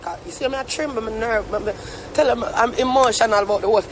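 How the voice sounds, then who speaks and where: A man's voice: very high-pitched, fast talker, slight background noise. A young Jamaican man ranting on a live stream, mock-tearful and theatrical. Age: young adult. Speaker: social media commentator.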